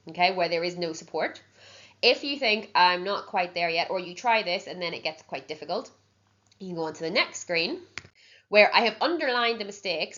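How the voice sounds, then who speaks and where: Her voice sits on the low side with a fairly bright tone. She's a Spanish teacher leading an exam-prep lesson, patiently going step by step and checking understanding with lots of "okay"s, all captured in dull lo-fi sound.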